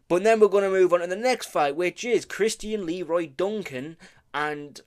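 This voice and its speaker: This fight-predictions vlogger has a high voice with a darkish tone and talks at normal speed. His casual take rambles, with self-corrections, fumbled names, and offhand swearing and humor.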